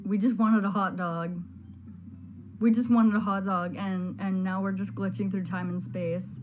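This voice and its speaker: A woman's voice: lowish voice, darkish tone. Flustered woman narrating her gameplay. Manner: flustered, exclaiming, stammering. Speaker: gaming video host. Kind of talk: casual let's-play commentary.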